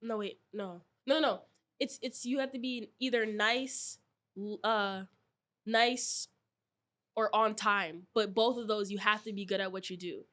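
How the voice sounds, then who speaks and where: A woman's voice: medium pitch, measured pace. Young woman, from new york, chatty, storytelling, lots of likes. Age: 20s. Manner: chatty, many fillers, animated retelling. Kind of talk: casual chat, storytelling.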